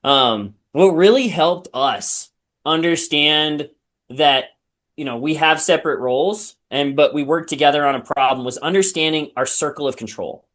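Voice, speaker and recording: A man's voice: fairly high pitch, normal speed, a bit bright. A man hosting a podcast, chatting casually and agreeably, self-deprecating about his own marriage. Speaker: podcast host. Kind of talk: casual chat.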